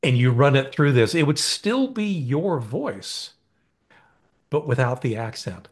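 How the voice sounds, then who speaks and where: An American man co-hosts a podcast from his usual recording spot, explaining ideas in a casual, thoughtful and enthusiastic chat. His mid-range voice is sing-song with a breathy edge, and he keeps a measured pace.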